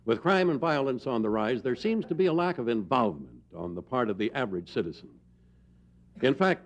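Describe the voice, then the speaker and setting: A man giving a mock-serious scripted introduction with an earnest, newsman-like delivery. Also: mid-range voice. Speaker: host introducing a sketch.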